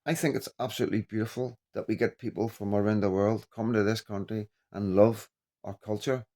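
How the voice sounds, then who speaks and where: A man vlogging in a rambling casual commentary, halting and full of "you know what I mean". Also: lowish voice, fairly even intonation, dark tone.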